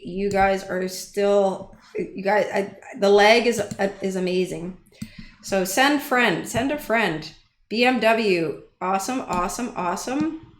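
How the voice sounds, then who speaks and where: A woman hosting a casual livestream, chatty and easily flustered as she talks to her chat and counts entries aloud. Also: medium pitch. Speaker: livestream host. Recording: echoey room with faint noise.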